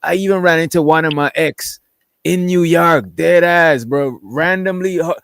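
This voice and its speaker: A man's voice: a little high, measured pace, vocal fry, a bit bright, smooth, no echo, studio quality. A man from Guyana co-hosting a casual podcast chat, talking in a laid-back, slangy way.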